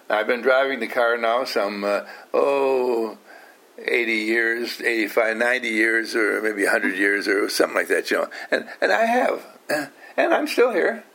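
A man's voice: medium pitch, fairly bright tone. An older man giving an informal talk to a small group, often asking questions, teasing his listeners and acting out the people he quotes. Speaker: household teacher.

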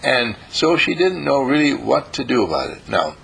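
A man giving a spiritual teaching talk in a slow, emphatic and repetitive way. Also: mid-range voice, sing-song, creaky, fairly bright tone, husky, low-quality recording.

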